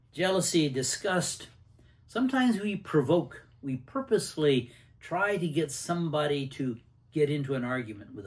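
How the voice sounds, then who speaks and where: An older man hosting a casual lesson on anger, talking conversationally and acting out little anecdotes and quotes. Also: medium pitch. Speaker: host and anger management teacher. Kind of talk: casual teaching talk to camera.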